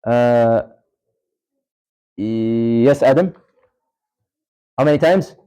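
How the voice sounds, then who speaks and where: A man teaches a class in a mosque, talking in a relaxed, informal way. He keeps asking the room questions and repeating his points. His pitch sits in an ordinary middle range, and short Arabic recitations slip into his talk. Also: drawn-out words, smooth, rough recording. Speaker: religious teacher. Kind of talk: classroom lecture with live demonstration. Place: mosque hall.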